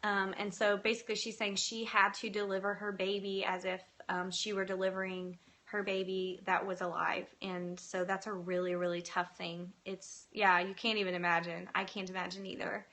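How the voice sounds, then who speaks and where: A woman hosting a live video, speaking in an earnest, gentle and encouraging way as she reads viewer comments. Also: mid-range voice, level tone, normal speed, few pauses. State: tearful at times. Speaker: faith-based live video host. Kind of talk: live-stream talk, reading comments.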